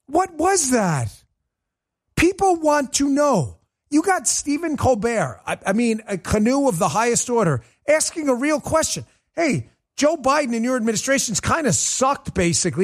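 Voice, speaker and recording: A man hosting a political talk show, delivering a combative, mocking monologue with lots of repetition. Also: very high voice.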